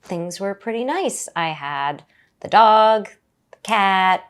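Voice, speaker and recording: A middle-aged woman, a podcast guest, tells a personal story haltingly, with many fillers and restarts. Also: mid-range voice, expressive, smooth.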